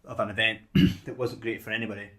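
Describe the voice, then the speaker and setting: Podcast co-host, man, lowish voice, casual conversational delivery, restarts sentences. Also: flat delivery, fast, a bit bright. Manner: conversational, repeats words when starting sentences. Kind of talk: casual chat.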